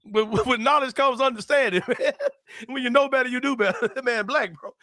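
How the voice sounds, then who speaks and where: A man hosting a casual sports-show chat, a loud, laughing storyteller who swears freely. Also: very high-pitched, fairly quick, no room sound, clean studio sound. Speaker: podcast host.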